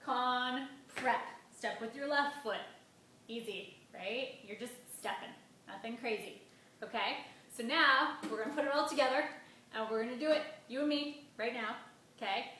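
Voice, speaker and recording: A woman's voice: fairly high pitch, normal speed, pushed and bright, a little hiss or hum. Upbeat woman teacher chanting grammar syllables. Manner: upbeat and encouraging, chanting syllables and clapping beats. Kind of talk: classroom-style grammar lesson. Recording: very echoey room, mic at a distance.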